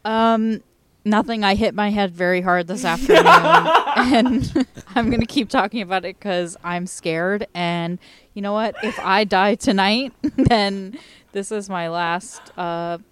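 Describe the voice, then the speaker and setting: A woman's voice: mid-range voice, slow, background noise. A young woman hosting a podcast, chatting casually in a giggly, rambling way. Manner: giggly, rambling, self-mocking. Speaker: podcast host. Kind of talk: casual chat.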